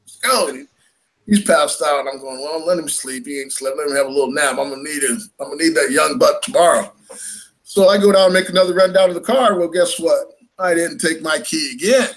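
Man, high voice, animated storyteller who laughs as he goes. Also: brisk. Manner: animated, laughing, acts out quoted lines. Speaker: fishing tournament angler. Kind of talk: casual storytelling.

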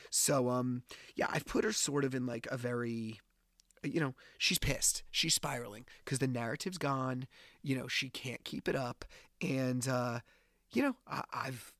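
Podcast guy rambling through a story, gravelly voice, dry close sound. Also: medium pitch, a little slow, dry recording. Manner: animated, acts out dialogue while retelling. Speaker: podcast host. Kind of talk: casual storytelling monologue.

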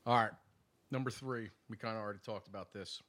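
A man's voice: fairly low pitch, steady tone, quick pace, fairly bright tone. A man co-hosting a radio talk show, easygoing as he reads out questions. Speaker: radio co-host. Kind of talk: casual radio banter.

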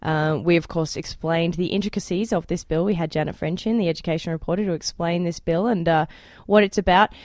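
A woman hosts a panel podcast, briskly recounting events with frequent fillers and moving the talk along. Her voice sits somewhat low. The studio sound is close and dry. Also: fairly even intonation, a little mellow, no room sound. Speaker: podcast host. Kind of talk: casual panel chat.

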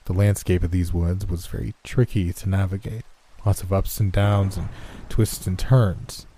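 A male narrator reading a first-person horror story in a measured, even way. His voice sits low, with a mellow, soft-edged tone. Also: a little hiss or hum.

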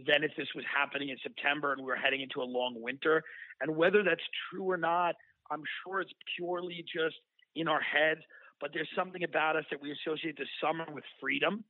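A man co-hosting a podcast in casual comedic chat, riffing into profane rants. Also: a little high. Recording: thin phone-like line, dry.

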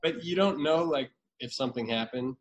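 A man's voice: mid-range voice, moderate pace, lo-fi sound, a crowd in the background. A man in his thirties, a podcast guest, chatting casually and telling stories, with many restarts. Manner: rambling storyteller with many restarts. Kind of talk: casual chat.

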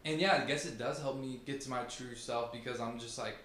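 A man's voice: mid-range voice, fairly even intonation, a little fast, fairly bright tone. A young man from Virginia, a podcast guest, chatting casually and loosely with many fillers and frequent laughs. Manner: laid-back, many "like" fillers, laughs often. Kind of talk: casual chat. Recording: echoey room, faint background hum.

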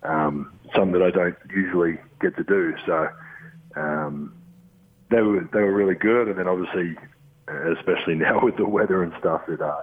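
An Australian man, a basketball player, talking from a room at home in a relaxed, rambling way with lots of ums and restarts. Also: deep voice, slightly rough. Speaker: guest, professional basketball player. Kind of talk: casual interview over the phone. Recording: tinny phone line.

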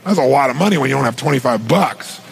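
A middle-aged man, a motivational speaker, telling a story on stage in an animated way, acting out dialogue and asking rhetorical questions. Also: medium pitch, quick pace, vocal fry, slightly rough, rough recording.

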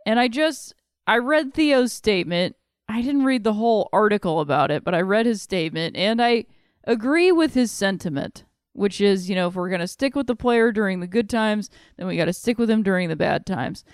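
A woman's voice: mid-range voice, expressive, moderate pace, clean tone, dry recording, studio quality. A young adult woman hosting a solo podcast, talking in a rambling, frank way with some swearing, sleepy and yawning. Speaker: podcast host. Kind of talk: casual solo podcast monologue.

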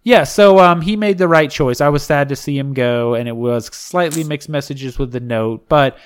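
A man's voice: a little high, normal speed, clear, resonant tone. A man co-hosting a podcast, recapping a dating show in casual chat, laughing often and joking crudely. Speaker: podcast co-host.

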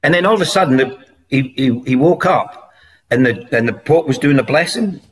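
A former footballer, a man, guest on a podcast, telling anecdotes in a lively way and laughing through his stories. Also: medium pitch, fairly quick. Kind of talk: anecdotal storytelling.

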